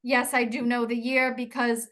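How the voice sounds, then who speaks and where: A woman improvising as a dialect coach, her voice pitched a touch high. She coaxes and affirms gently, filling pauses with murmured agreement. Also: level tone.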